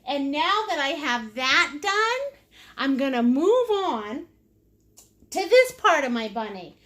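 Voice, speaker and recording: The painting instructor here has a high, fairly bright voice, very animated yet slow-paced, on a live stream. She's silly and giggles often, plays with invented words, and answers viewer comments while she works.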